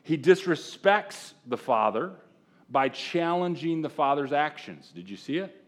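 A man preaching a sermon to a room of men, animated, jumping between loud exclamations and hushed asides and acting out the characters he quotes. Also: fairly high pitch, unhurried. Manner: acts out quoted characters in voices. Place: room with a live audience of men.

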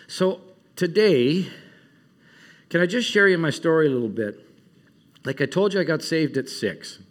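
A man's voice: medium pitch, a bit bright. Earnest middle-aged man preaching at camp. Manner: earnest, rambling, halting with fillers and restarts. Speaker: camp speaker. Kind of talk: informal sermon to a camp crowd. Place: meeting room at a summer camp.

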